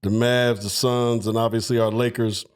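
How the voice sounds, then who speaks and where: A man's voice: mid-range voice, flat delivery, normal speed, clear, resonant tone. Male podcast host asking questions. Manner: friendly, calls the guest little brother. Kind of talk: interview questions.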